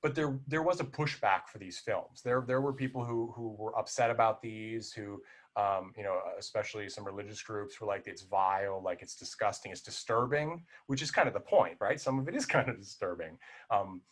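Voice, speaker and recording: Animated man rambling about films. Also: on the low side, brisk. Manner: rambling, animated, with many restarts and fillers. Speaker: podcast co-host. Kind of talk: casual film discussion.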